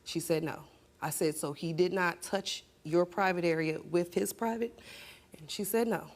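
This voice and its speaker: A young woman on a talk show stage giving an emotional personal account in an upset, urgent way that turns into sharp confrontation. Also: lowish voice, normal speed. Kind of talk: emotional personal account, then heated argument. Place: TV studio stage.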